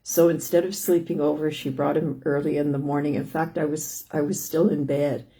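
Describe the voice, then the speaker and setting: An older woman with a low, dark voice hosts a live stream about living with lung disease. Her delivery is flat and at normal speed as she chats casually, rambling with frequent restarts and plenty of "anyways."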